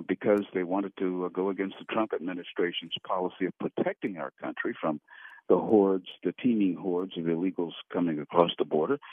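A man calling in as a regular commentator on a political talk radio show, speaking haltingly with frequent fillers. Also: low voice, no room sound. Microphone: telephone. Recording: tinny phone line.

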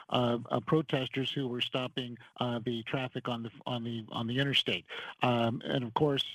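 A man co-hosting a talk radio show as a political commentator, speaking in a measured, hesitant way with many fillers. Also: medium pitch, dry recording, rough recording.

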